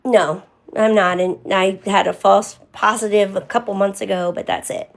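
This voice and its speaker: Young woman, gravelly voice, casual live-stream chat, candid, thanks viewers by name. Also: mid-range voice, fairly even intonation, normal speed. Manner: candid, answers commenters by name.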